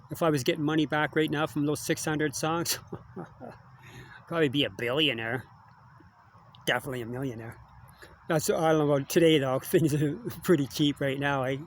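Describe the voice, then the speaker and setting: A man's voice: fairly high pitch, a little hiss or hum. An older man talking in a rambling, casual monologue, digressing often and ending lines with tag questions. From Canada. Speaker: musician vlogger.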